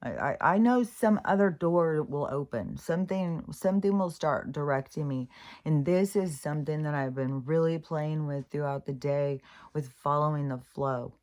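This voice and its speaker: Speaking in a low, darkish voice, a woman vlogger talks through her thoughts in a loose, meandering way. She halts, starts over frequently and swears along the way.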